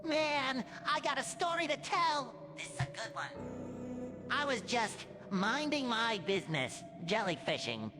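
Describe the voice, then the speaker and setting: A man voicing a cocky young cartoon sea sponge who raps a story over a beat, in a high, nasal cartoon voice. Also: big pitch swings, unhurried, heavily acted. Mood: boastful. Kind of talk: character rap over a beat. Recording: rap track with loud music.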